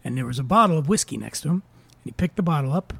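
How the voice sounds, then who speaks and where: A man telling a rowdy anecdote in casual chat, gravelly and cursing freely, acting out the quotes. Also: a little high, fast talker, no room sound. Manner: animated anecdote teller, acts out quotes. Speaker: podcast host.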